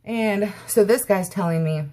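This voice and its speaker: A woman's voice: mid-range voice, a little slow, darkish tone. A woman vlogger telling an indignant story-time rant and constantly quoting what she said.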